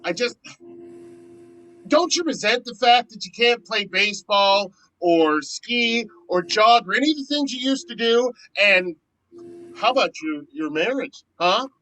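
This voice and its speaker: A man's voice: sits high, expressive, measured pace, no echo, heavily acted, low-quality recording. A man playing an earnest, pleading friend. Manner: pleading, emotional, swings from soft to loud. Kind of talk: amateur virtual stage play.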